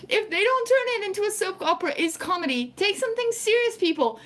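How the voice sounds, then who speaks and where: A woman's voice: very high voice, expressive, fast talker, few pauses, fairly bright tone, slight background noise. A woman streaming casually, reading chat aloud and ranting about her picks. She rambles with lots of fillers and laughs often. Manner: exasperated ranting.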